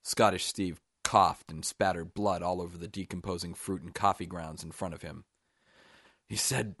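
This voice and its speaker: Deep-voiced man reading a short story. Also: no echo, clean studio sound. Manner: measured, even storytelling. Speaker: author reading his own story.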